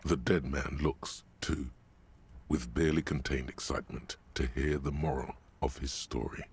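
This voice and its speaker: A man voicing a grim, darkly sardonic game narrator with a deep, gravelly voice and a slow, morbid delivery. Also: fairly even intonation, exaggerated voice. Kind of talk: video game voice acting. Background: faint game music.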